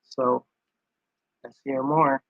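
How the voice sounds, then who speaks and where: A man's voice: medium pitch, level tone, drawn-out words, no echo, highs cut off. A man hosting a stream, casually commenting on played clips, rambling and acting out quoted lines.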